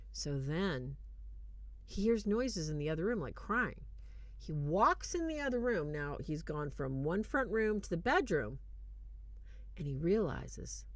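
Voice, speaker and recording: A woman hosting a show, retelling a film in casual, animated commentary with fillers and restarts, turning earnest when she draws lessons. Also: low-pitched, no room sound. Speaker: host reviewing a film.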